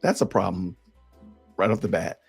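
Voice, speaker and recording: A man's voice: low-pitched, moderate pace, vocal fry, breathy edge, faint music behind. A man hosting a podcast, reading out comments and answering them in an emphatic, sarcastic way. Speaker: podcast host.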